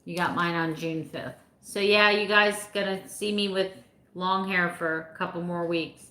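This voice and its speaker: Chatty woman in her fifties, low and echoey. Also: fairly even intonation, measured pace, bright, forceful tone. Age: 50s. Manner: chatty, rambling, laughs often. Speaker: vlogger answering live chat. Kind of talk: casual live chat. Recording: echoey room.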